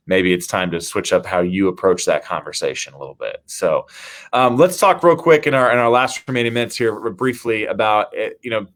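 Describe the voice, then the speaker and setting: A man's voice: sits low, fairly bright tone. An American man from the Midwest, hosting a live talk show in a casual way with lots of fillers. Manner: casual, many fillers like "you know". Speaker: host, city mayor.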